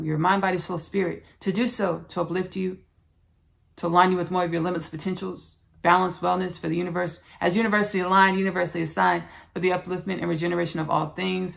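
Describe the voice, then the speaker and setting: A woman's voice: fairly low pitch, creaky. A woman hosting a spiritual podcast, speaking in an earnest, repetitive, preachy way as she talks about channeling. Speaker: podcast host.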